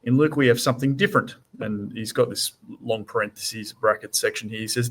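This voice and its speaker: Man reading book passages aloud steadily. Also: medium pitch. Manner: measured, reads long passages aloud, steady explanations. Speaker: co-host.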